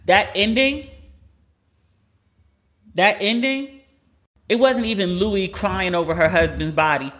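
A woman hosting a podcast, giving a blunt, animated recap of a TV episode in casual chat and swearing freely. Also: medium pitch, slow, pauses often. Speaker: podcast host.

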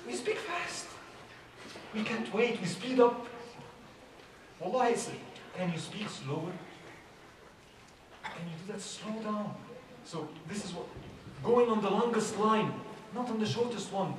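A man's voice: sits high, unhurried, pauses often. Man preaching in an echoey hall. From Egypt. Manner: conversational, asks many rhetorical questions. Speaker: youth speaker. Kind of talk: informal religious talk. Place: large hall at a religious youth event. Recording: echoey hall, far from mic, background noise.

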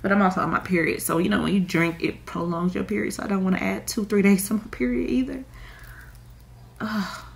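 A woman's voice: mid-range voice, fairly even intonation, a little fast, creaky. Tearful young woman in a rambling vlog. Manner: tearful, rambling, many "like" fillers. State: crying. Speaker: vlogger. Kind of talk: emotional confessional vlog.

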